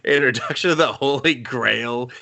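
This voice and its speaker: A man's voice: mid-range voice, moderate pace, gravelly, pushed and bright. A man co-hosting a movie review podcast, joking sarcastically and laughing often in casual chat.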